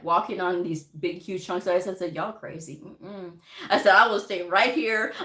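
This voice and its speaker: A woman's voice: medium pitch, a bit bright, reverberant. A woman from Texas hosting a casual livestream, chatting and answering viewer comments with frequent laughter and fillers. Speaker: medical coding livestream host.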